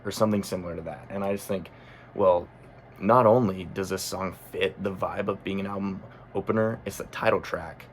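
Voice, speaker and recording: A man's voice: deep voice, fairly even intonation, brisk, a little hiss or hum. A man talking casually as a music critic, thinking aloud with frequent ums and self-corrections. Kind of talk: casual album review monologue.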